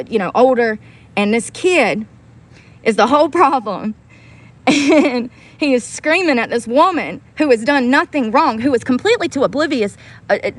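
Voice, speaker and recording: A woman ranting heatedly on a casual livestream, swearing often and repeating herself for emphasis. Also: a little high. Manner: heated, profane, repetitive. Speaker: livestream host.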